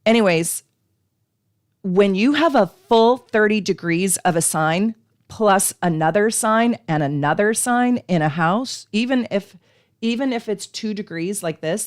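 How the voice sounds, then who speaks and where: A woman's voice: medium pitch, animated, unhurried, dry recording. A woman hosting a live astrology stream, teaching casually and chatting with viewers, with frequent ums.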